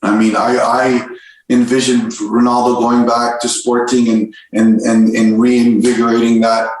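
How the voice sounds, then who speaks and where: A man's voice: medium pitch, measured pace, faint music behind. A man, a soccer coach, telling stories in a casual interview, full of restarts and repeated words. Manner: animated storyteller, many restarts and repeated words. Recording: very echoey room.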